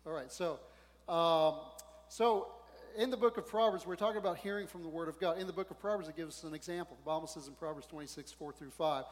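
A male pastor preaching a sermon in a conversational, animated way, often asking the congregation questions. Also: fairly high pitch, fairly quick. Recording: long hall reverb.

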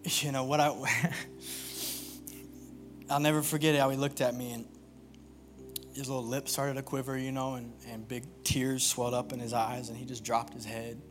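A young man preaching and telling a personal story in an earnest, confessional way, often halting and restarting. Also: mid-range voice, level tone, music in the background. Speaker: worship pastor.

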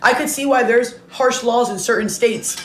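A woman's voice: fairly high pitch, moderate pace, fairly bright tone, echoey room, a little hiss or hum. A woman content creator giving a blunt, indignant reaction commentary, talking straight to her viewers. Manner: talks while eating.

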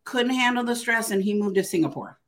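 A woman's voice: medium pitch, animated, brisk, a bit bright. Older lady guest on an interview, emphatic storytelling, keeps going "right?".

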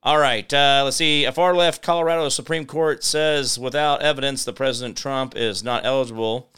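A man's voice: medium pitch, fairly even intonation, moderate pace, pushed and bright, smooth. A man hosting his own show, rambling through live commentary and talking straight to viewers. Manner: rambling, digressive, talks to viewers and pets. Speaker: show host.

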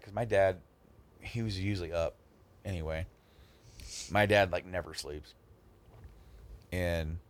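Man, casual storyteller, low-ish voice, animated, acts out the people in his story, stumbles and repeats. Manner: repeats words and restarts a lot. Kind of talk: casual storytelling among friends.

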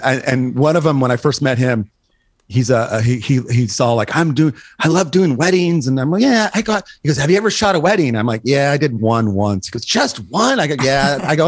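Medium in pitch and free of echo, this man in his sixties is a guest photographer on an easygoing podcast. Swearing freely, he tells stories with animation, plays out the dialogue himself and laughs at his own punchlines.

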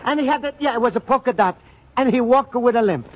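A gentle Italian immigrant. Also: male voice, very high-pitched, fast, crowd noise. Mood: earnest, worried. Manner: broken English, polite and pleading. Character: earnest Italian immigrant man, gentle and naive. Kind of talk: 1940s radio acting. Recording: dull lo-fi old radio recording with hiss.

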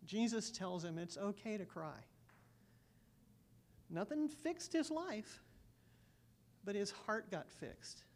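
A woman pastor sharing earnest personal stories in a church sermon, with soft laughs between thoughts. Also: medium pitch, expressive, slow pace, long pauses.

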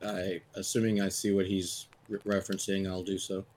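Low, flat-voiced male player. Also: moderate pace. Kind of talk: tabletop role-play.

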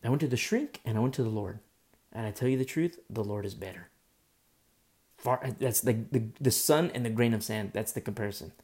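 A man's voice: medium pitch, brisk, a little mellow. A man preaching a sermon in an impassioned way, repeating himself, restarting phrases and making asides to the congregation.

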